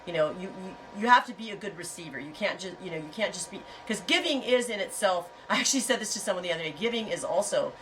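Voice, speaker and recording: A woman's voice: medium pitch, lively intonation, quick pace, few pauses, a bit bright, far from the mic, slight background noise, poor audio. A middle-aged woman hosting a casual livestream chat, talking in a frank, rambling way and telling stories with animation. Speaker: host.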